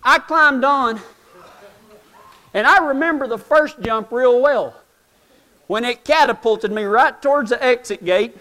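A man's voice: very high-pitched, measured pace, pauses often, sharp tone. A man telling a humorous, self-mocking story in folksy rural speech to a live audience. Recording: long hall reverb.

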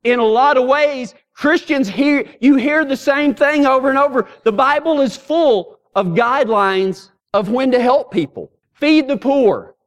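A man's voice: extremely high pitch, unhurried, hardly any pauses. A man preaches through a long, homespun story. His telling rambles along in a folksy way, doubling up words as he gets each sentence going. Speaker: pastor. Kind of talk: storytelling sermon.

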